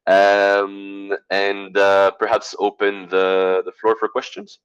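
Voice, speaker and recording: A man giving an online presentation over a video call, halting with fillers and clearing his throat as he loses his voice. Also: on the low side, monotone, highs cut off. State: losing his voice.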